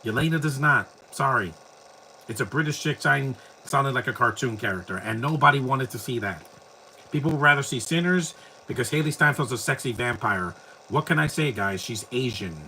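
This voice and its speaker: Male host, casual watch-along commentary, bright forceful voice, opinionated and rambling, faint noise behind. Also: medium pitch, animated, a little fast, rough recording.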